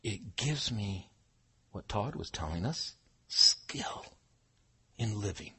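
An older man preaching a Bible-teaching sermon, emphatic, slowing down to read scripture aloud. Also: on the low side, expressive, sharp tone, breathy edge, dry recording.

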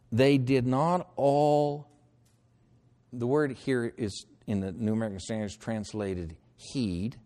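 A man preaching a sermon, reading scripture slowly and deliberately and then explaining it in plain talk, now and then clearing his throat. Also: mid-range voice. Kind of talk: sermon, Bible teaching.

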